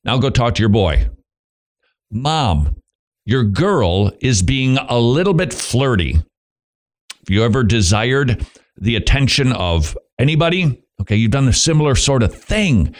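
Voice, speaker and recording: An emphatic male radio host preaches on parenting, firing off rhetorical questions. He talks in quick bursts with a mid-pitched, everyday voice. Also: very animated.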